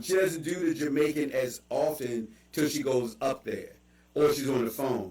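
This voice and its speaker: A man's voice: mid-range voice, distant mic. A man with a Baltimore accent talks loosely and animatedly, jumping between stories and asides. He sits a little off the mic, and the room gives his voice a roomy echo. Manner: animated storytelling with quick asides and laughs. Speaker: podcast host. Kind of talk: casual chat.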